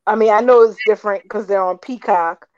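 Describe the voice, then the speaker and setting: A woman co-hosting a soap opera chat show, recapping episodes with animated retellings and acted-out quotes. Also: mid-range voice, brisk. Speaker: soap opera podcast co-host. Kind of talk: casual chat. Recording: dull lo-fi audio.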